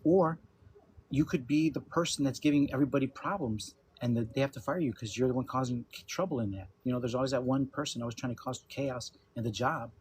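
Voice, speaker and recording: A middle-pitched man in his fifties hosts a loose livestream chat from home. He laughs often and swears freely. A faint hum of room ambience sits under his voice. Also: a little fast, a little mellow. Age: 50s. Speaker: livestream host.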